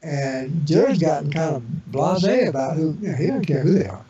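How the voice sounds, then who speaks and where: In echoey, muffled and distant internet radio audio with a crowd in the background, a man speaks as an interview guest. His slightly high voice is animated and measured in pace as he rambles through casual anecdotes, stumbling over fillers and restarts and acting out other people's voices.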